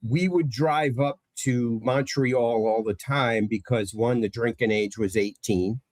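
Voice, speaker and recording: A man's voice: mid-range voice, measured pace, a little mellow, dry recording. A man from Connecticut, chatting casually on a podcast and telling stories with lots of fillers and restarts. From Connecticut, USA. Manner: rambling, storytelling with many fillers. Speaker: guest presenter.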